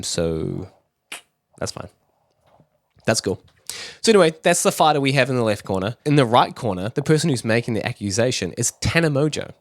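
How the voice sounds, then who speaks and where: A man's voice: fairly low pitch, no room sound, clean studio sound. A man talking casually to camera, explaining online drama with rambling, self-deprecating asides. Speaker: commentary YouTuber.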